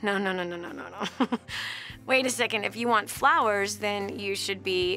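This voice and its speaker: A woman hosting a call-in radio talk show, animated and quick to laugh, acting out little voices as she tells stories. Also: medium pitch, over music.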